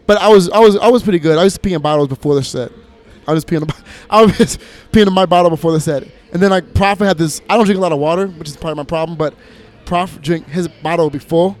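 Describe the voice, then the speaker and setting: Man, from Minneapolis, high-pitched, animated, profane, laughing storyteller, casual interview chat. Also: fast. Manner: animated storyteller, swears freely, laughs often. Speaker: DJ and producer, guest.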